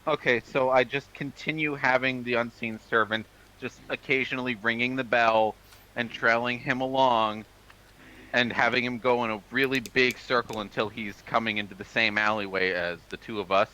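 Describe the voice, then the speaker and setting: A man playing a tabletop game, excitable and loud when rolls go badly. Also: mid-range voice, normal speed, a little hiss or hum, rough recording. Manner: excitable, yells when dice go bad. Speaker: player.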